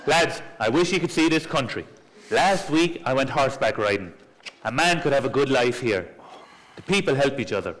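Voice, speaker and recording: Middle-aged Irish man, stage role, measured and reasoning, pitch rises and falls freely. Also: lively intonation, fairly bright tone, low-quality recording. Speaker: club member reading a letter aloud. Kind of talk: stage play acting.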